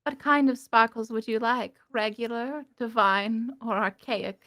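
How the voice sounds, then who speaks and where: A ghastly boy handing out drinks, voiced by a woman in a tabletop game, answers in short, clipped words. The voice is bright and a little raised in pitch. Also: measured pace. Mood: curt.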